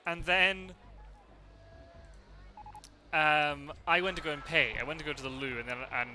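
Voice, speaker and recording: A man's voice: fairly high pitch, steady tone, measured pace, noisy background. A man chatting casually while he streams a game live, telling rambling stories with frequent laughs and the odd swear word.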